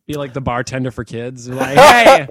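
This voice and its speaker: A man's voice: mid-range voice, flat delivery, brisk, heavy background noise. A man in a casual podcast chat who rambles through anecdotes and acts out little scenes.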